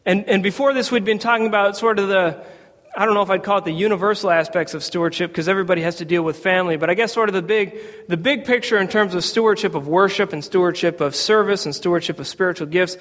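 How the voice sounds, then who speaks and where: A male pastor with a notably high voice delivers a chatty, story-driven sermon, stumbling through "uh"s and restarts as he goes. His words ring out with a long church-hall reverb. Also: steady tone, fast, fairly bright tone. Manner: conversational storytelling with frequent fillers and restarts. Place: church sanctuary.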